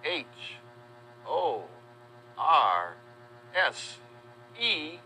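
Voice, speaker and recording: A man narrating a children's educational video, spelling out words letter by letter in a friendly, deliberate way. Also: fairly high pitch, sing-song, pushed and bright, a little hiss or hum. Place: voice-over.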